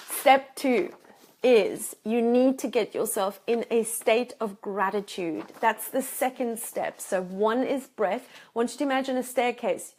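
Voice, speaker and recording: A woman's voice: a little high, a little mellow. Emphatic woman coaching to camera. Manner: emphatic, repeats words for stress; acts out anxious inner voices. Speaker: life coach. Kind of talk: motivational talk to camera. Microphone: self-filmed camera.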